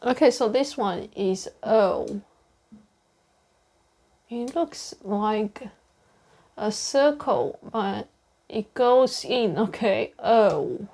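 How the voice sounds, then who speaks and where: A woman who is not a native English speaker, speaking slowly and carefully on camera in a room with a whiteboard, stressing the ends of words as she practices pronunciation. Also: a little high, darkish tone. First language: non-native English speaker. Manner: speaks slowly and deliberately, over-articulating word endings. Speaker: pronunciation learner sharing lessons. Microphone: camera close to the face.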